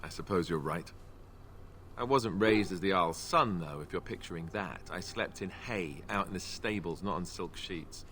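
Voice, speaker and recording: Video game character, young male warrior, wistful, soft-spoken, slightly low voice. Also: normal speed, slight background noise. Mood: rueful.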